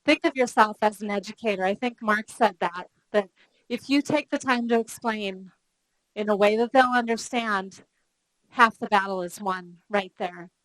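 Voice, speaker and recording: A middle-aged woman leads a live customer service training workshop, asking questions of the room and telling stories with lots of life. She speaks at a moderate pace with a medium pitch, and the low-quality recording has no echo.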